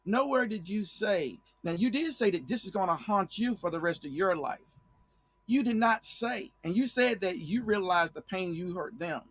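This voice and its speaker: A man's voice: high voice, lively intonation, normal speed, a bit bright. A man commenting on a court case in a blunt, heated way, repeating himself and restarting sentences as he makes his point. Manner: blunt, repetitive, fiery. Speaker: online commentator.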